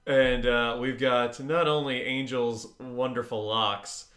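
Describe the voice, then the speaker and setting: A man's voice: mid-range voice, steady tone, slow, fairly bright tone, echoey room. A man co-hosting a podcast, recapping a TV episode in casual chat, rambling with many fillers and dry jokes. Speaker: podcast co-host.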